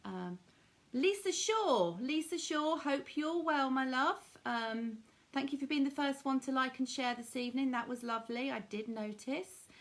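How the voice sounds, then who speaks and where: A woman's voice: high-pitched, a little slow. A woman giving a live-streamed psychic reading, speaking in a soothing, intimate way full of endearments.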